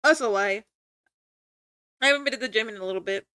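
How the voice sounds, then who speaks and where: Playful high-pitched woman streamer. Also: fast talker, bright, forceful tone, smooth, no echo, studio quality. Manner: playful mock-angry banter with frequent laughs. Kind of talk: casual livestream chat.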